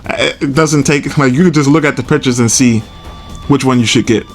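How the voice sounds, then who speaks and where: A man's voice: medium pitch, moderate pace, soft background music. A man hosting a casual collecting video, chatty and self-amused, chuckling often as he talks through prices. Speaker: toy collector video host. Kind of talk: casual product walkthrough.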